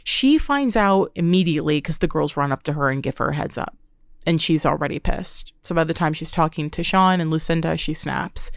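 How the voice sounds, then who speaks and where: A young woman talks through reality-TV drama on her podcast, animated and swearing freely. Her voice sits on the low side, and the sound is dry and close with no room around it. She keeps breaking into quick mimicry of the people she describes. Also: creaky, no echo. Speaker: podcast host. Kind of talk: casual reality-TV recap monologue.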